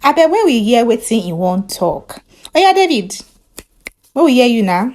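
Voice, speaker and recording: A Nigerian woman voicing a chatty radio show host, loud and teasing. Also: on the high side, big pitch swings, normal speed. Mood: lively.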